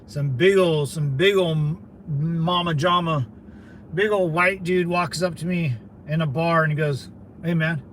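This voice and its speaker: A man's voice: on the high side, steady tone, a little slow, a bit bright, a little hiss or hum. A man hosting a livestream, telling rambling stories in a laid-back way and calling listeners brother. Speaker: livestream host. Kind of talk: casual storytelling to chat.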